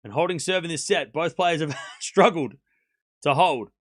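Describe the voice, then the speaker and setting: A man hosting a live tennis watchalong, his voice pitched a little high and strongly bright. He shouts out the big shots, then turns to his chat with playful teasing. The sound is close and dry. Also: moderate pace, dry recording. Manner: excited call-outs of play, then chatty asides to chat; teasing, mock-comforting viewers. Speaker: streamer commentating a tennis match.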